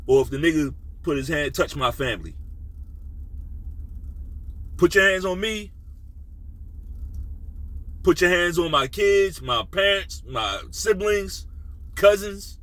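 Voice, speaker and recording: Blunt profane man ranting, bright voice. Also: low-quality recording. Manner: blunt, profane, animated, drops to a low menacing tone. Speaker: sports commentary host. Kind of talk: casual opinion rant.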